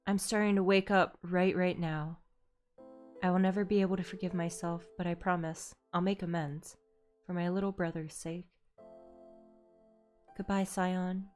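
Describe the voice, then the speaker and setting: A woman voicing a remorseful young woman who once bullied someone, speaking softly and apologetically. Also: lowish voice, flat delivery, moderate pace, long pauses, faint music behind, natural voice. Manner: soft, hushed and apologetic.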